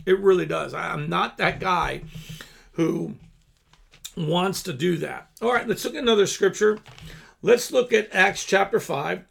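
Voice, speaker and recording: Guy doing casual bible teaching, high voice that swings all over, reads verses then riffs on them. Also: animated, moderate pace, vocal fry, fairly bright tone, husky. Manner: informal, with frequent restarts between scripture readings.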